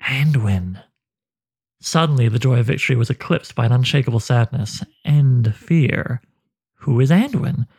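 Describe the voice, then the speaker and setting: Gravelly-voiced male storyteller. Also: medium pitch, expressive, a little mellow. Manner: measured, dramatic delivery. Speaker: narrator. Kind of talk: dramatic storytelling narration.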